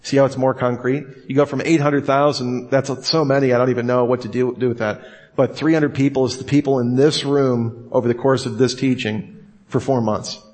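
A man's voice: medium pitch, fairly even intonation, fairly quick, darkish tone. A man teaching a class on how to give talks, who asks his listeners rhetorical questions and acts out his examples in different voices. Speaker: teacher of preachers.

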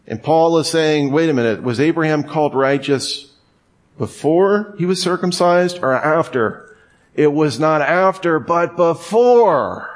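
A man preaching a sermon in a conversational way, with joking asides. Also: fairly high pitch. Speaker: pastor.

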